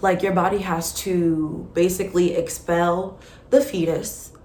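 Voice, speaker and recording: Expressive woman telling a personal story. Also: fairly low pitch, a little slow. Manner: expressive, conversational, lots of fillers. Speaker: podcast host. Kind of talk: candid storytelling. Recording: roomy echo with faint background hum. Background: faint ambient noise, passing truck.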